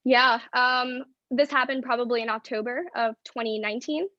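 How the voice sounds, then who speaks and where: A woman's voice: fairly high pitch, steady tone, moderate pace, sharp tone, no room sound, lo-fi sound. Candid young woman from the Northeast. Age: 20s. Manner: frank, personal, heavy use of "like" fillers. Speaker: guest. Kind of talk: candid storytelling in a podcast interview.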